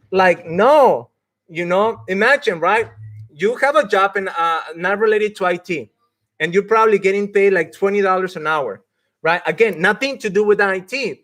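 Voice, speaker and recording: A career coach talks through a live stream with a fairly high voice. He is emphatic and laughs often, and he acts out mock quotes of the people he argues against. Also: a bit bright.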